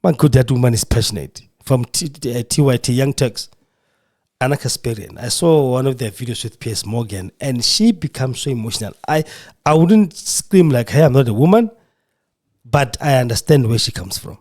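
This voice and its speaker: Male podcast host in a radio studio, fervent and emotional, lively swinging pitch. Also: moderate pace. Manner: emotional, preaching fervor. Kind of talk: impassioned monologue.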